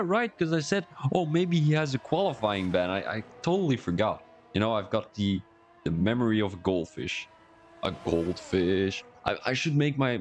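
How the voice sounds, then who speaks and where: A man with a lowish voice talks over a little hiss or hum. In his rambling live-stream commentary on a sim racing league, he chats with viewers and jokes about himself.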